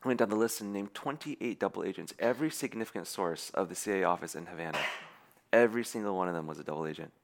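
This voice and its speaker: A man with a low, creaky voice speaks fast while preaching. Through his sermon runs a spy story, which he tells with animation, performing the characters' lines and often restarting.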